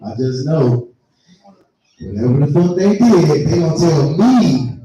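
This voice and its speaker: A middle-aged man tells profane stand-up stories with a mellow, darker tone that sits a little high in pitch. He is heard from some distance off the mic, in a hugely echoing room. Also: a little slow. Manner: profane, animated storytelling. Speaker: stand-up comedian. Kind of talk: stand-up comedy set. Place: live comedy venue. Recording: very echoey live room, mic far off.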